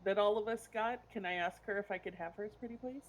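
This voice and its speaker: A chatty tabletop game player who explains things loosely, with many fillers and pauses. The voice sits at a middle pitch. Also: a little hiss or hum, low-quality recording. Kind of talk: casual tabletop game talk.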